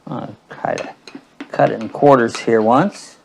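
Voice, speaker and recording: A man's voice: mid-range voice, measured pace, creaky, a little mellow, slight background noise. A man hosting a casual cooking demo, chatting to his viewers as he cuts and tastes. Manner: chatty, addresses viewers as guys. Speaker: cooking channel host.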